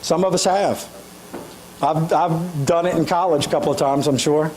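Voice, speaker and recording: This motivational keynote is delivered by a middle-aged man with a fairly high voice at a moderate pace; he's animated, tells stories, and speaks right to the crowd. A little hiss or hum marks the poor audio.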